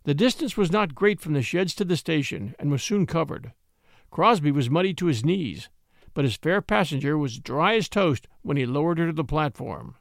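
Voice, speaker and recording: A man reading an old-fashioned story aloud, with an expressive storytelling delivery. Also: a little high, moderate pace, no echo, studio quality. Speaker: narrator. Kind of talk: scripted story narration.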